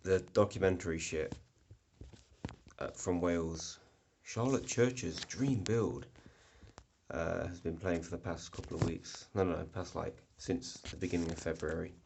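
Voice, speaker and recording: A man's voice: low-pitched, unhurried, gravelly, darkish tone, a little hiss or hum. A young man rambling through a casual vlog, full of ums and restarts, recorded indoors. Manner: rambling, filler-heavy storytelling. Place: indoor room. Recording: echoey room.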